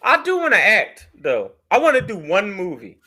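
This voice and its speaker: A man's voice: high voice, normal speed. A man co-hosting a podcast in casual banter. He jokes around and laughs easily. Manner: animated, joking, laughs easily. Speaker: podcast co-host.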